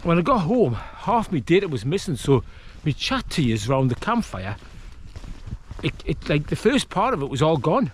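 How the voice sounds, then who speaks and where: A man's voice: on the high side, big pitch swings, moderate pace, a little hiss or hum. A man talking casually to camera while wild camping in a woodland, rambling and self-deprecating. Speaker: vlogger, outdoor camper.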